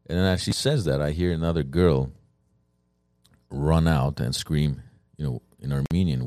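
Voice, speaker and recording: A man with an extremely low, dark voice tells a story casually among friends. He is lively and loose, full of fillers and restarts. The sound is close and dry, with no room. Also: moderate pace, no echo. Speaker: podcast co-host telling a story.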